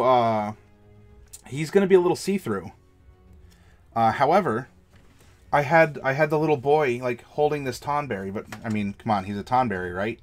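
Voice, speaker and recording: An American man, a game master and streamer, giving tabletop storytelling advice in an enthusiastic, demonstrative way. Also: medium pitch. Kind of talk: livestream advice chat.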